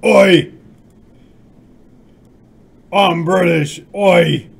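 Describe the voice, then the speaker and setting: A man putting on an exaggerated, clumsy Australian-British bloke voice, shouting playfully. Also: high voice, very slow, creaky, husky, pitched above the performer's own voice, heavily acted. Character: exaggerated cheery Aussie-British bloke, loud.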